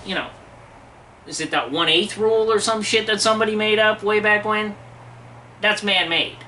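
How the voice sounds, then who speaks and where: A man's voice: sits high, normal speed, distant mic, noisy background. A man delivering an angry, profane rant to camera, aggressive and mocking as he talks. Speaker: vlogger.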